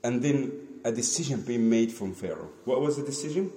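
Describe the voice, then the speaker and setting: A man's voice: medium pitch, animated, a little fast, warm tone. Man telling a scripture story in an echoey room. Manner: asks the listeners questions, acts out quotes. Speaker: teacher. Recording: echoey room with faint ambience.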